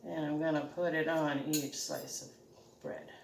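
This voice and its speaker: Her voice is low with little pitch movement and a slightly slow pace: a middle-aged cooking channel host with a regional American accent, casually demonstrating a dish at home. She's chatty, homey, and laughs often. The echoey kitchen, distant mic, and clinking dishes and cutlery add slight background noise.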